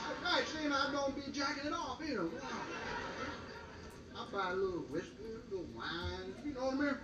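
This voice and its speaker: A man's voice: very high voice, lively intonation, brisk, dull audio. An older man doing bawdy stand-up, rambling and boastful, breaking into cackling laughs. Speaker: comedian. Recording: roomy, distant, noisy old vinyl recording.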